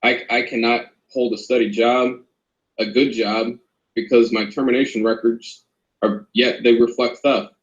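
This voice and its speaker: A man's voice: medium pitch, little pitch movement, measured pace, reverberant, lo-fi sound. A man, a former corrections officer, speaking as an interview guest, earnest and polite. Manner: earnest, polite, addresses host as ma'am. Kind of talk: interview over a call.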